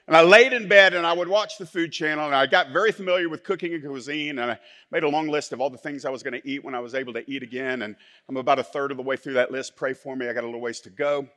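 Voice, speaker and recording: A male pastor, preaching a sermon that swings from soft, low asides to loud, forceful declarations. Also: fast.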